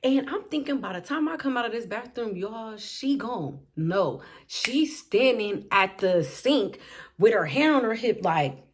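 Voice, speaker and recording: A young woman telling a casual storytime to her viewers in an animated, playful way, laughing often and acting out what people said. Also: fairly high pitch, measured pace, slightly rough. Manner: animated, petty, laughs often, acts out quotes. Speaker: storytime vlogger.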